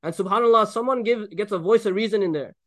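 A man preaching a sermon, explaining Quran verses with Arabic recitation, animated and joking as he acts out the people in the story. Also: sits high, fast talker. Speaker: Islamic preacher.

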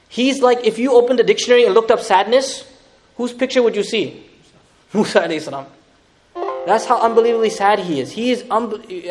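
A man giving an animated lecture on scripture as an Islamic teacher, with lively, dramatic retelling and laughing asides. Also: high-pitched, slight background noise.

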